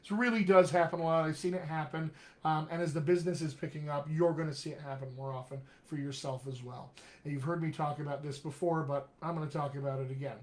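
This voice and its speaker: A man's voice: fairly high pitch, steady tone, quick pace. A man coaching actors in a live-streamed talk, direct and encouraging, often checking in with "all right?". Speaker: dialect coach.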